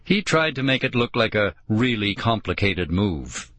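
A man narrating a children's audiobook at an unhurried pace, his low voice bright and forward, with a lively, swinging pitch. The sound is dry and close, with no room around it. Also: dry recording. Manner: expressive, with voices for each character. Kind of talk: scripted narration.

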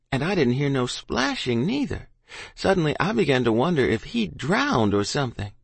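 A man's voice: medium pitch, vocal fry, husky, no room sound. A man narrating a first-person story in a folksy rural dialect. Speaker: audiobook narrator.

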